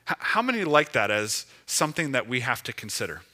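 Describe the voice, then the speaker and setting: A man's voice: mid-range voice, big pitch swings, a little fast, few pauses, pushed and bright. A man preaching a sermon as pastor, speaking emphatically with repeated phrases.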